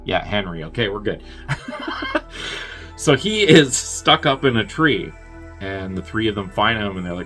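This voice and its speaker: A man with a lowish, bright and forceful voice walks through a film's plot in a loose, rambling way. He swears freely and breaks into chuckling asides. Faint music sits behind him. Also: expressive, normal speed. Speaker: movie reviewer. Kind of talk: casual plot recap.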